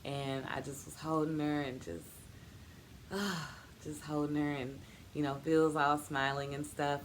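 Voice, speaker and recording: Low-voiced woman telling her story. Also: fairly even intonation, measured pace, a little hiss or hum. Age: 30s. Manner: earnest, faith-filled storytelling with quoted dialogue. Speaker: vlogger. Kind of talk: personal testimonial vlog.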